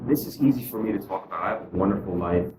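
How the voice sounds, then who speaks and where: A man giving candid spoken testimony about his recovery, earnest and self-deprecating, dropping low and quiet, then climbing high and excited as he tells the story. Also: very fast, roomy sound, far from the mic, noisy background. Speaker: guest speaker sharing his recovery story.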